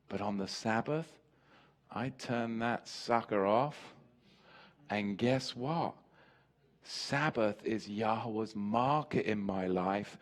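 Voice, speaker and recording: A man preaching a Sabbath sermon as a teacher, repeating key phrases for emphasis and slowing down on the words that matter. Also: mid-range voice. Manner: slows and drops his voice on key words. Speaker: pastor teaching a weekly Sabbath lesson.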